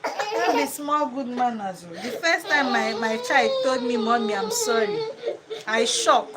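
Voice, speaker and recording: A woman's voice: a little high, lively intonation, measured pace, a loud crowd, poor audio. A woman chatting casually at home in her vlog, scolding her child between remarks. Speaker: vlogger. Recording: loud ambient noise.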